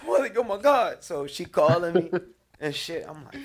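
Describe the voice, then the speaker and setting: A man's voice: a little high, expressive, normal speed, long pauses. A man in a casual podcast chat, telling profane childhood stories with laughter. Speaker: podcast guest. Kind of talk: casual smoke-session chat.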